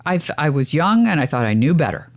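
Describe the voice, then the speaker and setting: Lively chatty woman co-host. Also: sits low, fast talker. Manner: chatty, clarifying, animated storyteller. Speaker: podcast co-host. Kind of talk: casual chat.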